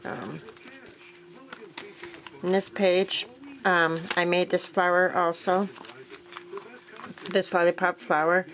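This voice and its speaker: A woman casually walking viewers through a craft project, relaxed and rambling, with frequent fillers and self-corrections. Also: lowish voice, low-quality recording. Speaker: crafting vlogger. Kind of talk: casual show-and-tell walkthrough.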